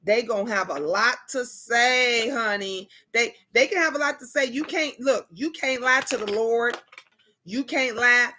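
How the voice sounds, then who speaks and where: Bright-voiced woman telling reading stories. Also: fairly high pitch, a little slow. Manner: animated storytelling, quoting spirits and viewers in character. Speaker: tarot reader and channel host. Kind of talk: casual livestream chat.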